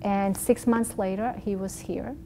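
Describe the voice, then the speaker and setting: Middle-aged woman w/ yugoslav accent, chatty storyteller doing little voices, faint rumble behind. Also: a little slow. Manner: animated storyteller who acts out dialogue, frequent restarts. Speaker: interview guest, oncologist. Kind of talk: storytelling interview chat.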